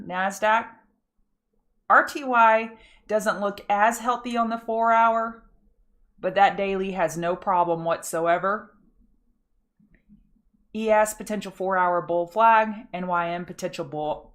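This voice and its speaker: A woman's voice: medium pitch, fairly bright tone. Upbeat woman hosting a trading stream. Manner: upbeat, greets chat viewers by name. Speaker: trading show host. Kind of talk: live market prep stream.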